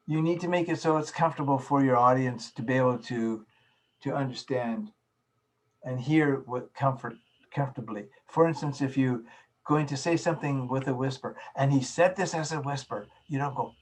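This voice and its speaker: A man's voice: medium pitch, fairly even intonation, moderate pace, darkish tone, low-quality recording. A middle-aged man giving a lecture on public speaking and showing vocal techniques as he explains them. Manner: instructive, demonstrates vocal techniques.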